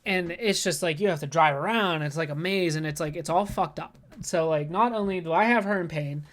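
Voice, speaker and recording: A man's voice: on the high side, fairly quick, a bit bright. A man co-hosting a podcast, telling an anxious story in a rambling, profane way and saying "like" constantly. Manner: rambling, profane, heavy use of "like"; anxious, worked-up retelling. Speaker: podcast co-host. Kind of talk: casual storytelling.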